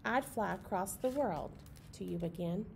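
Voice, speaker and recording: A woman reading a picture book as a gentle night owl telling its own story, in a soft, tender, unhurried voice. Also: mid-range voice, expressive, creaky, slight background noise. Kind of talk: picture-book read-aloud.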